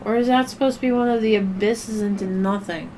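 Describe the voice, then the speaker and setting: A woman's voice: mid-range voice, fairly even intonation, a little fast, a little mellow, slight background noise. A woman streamer chatting casually while she plays a game, rambling and swearing offhandedly. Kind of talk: casual chat while gaming.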